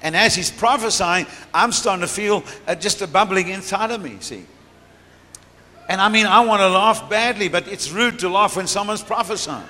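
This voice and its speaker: Bright-voiced man preaching in a hall. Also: sits high, normal speed. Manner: storytelling with laughter. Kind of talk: sermon testimony. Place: large church hall. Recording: reverberant church hall, faint room noise.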